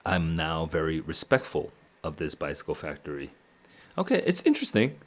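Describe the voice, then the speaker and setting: Deep-voiced man musing over a book. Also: huge pitch swings, moderate pace, a bit bright. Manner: muses aloud, chuckles often. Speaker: streamer reading a novel aloud. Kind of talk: casual reading and reacting.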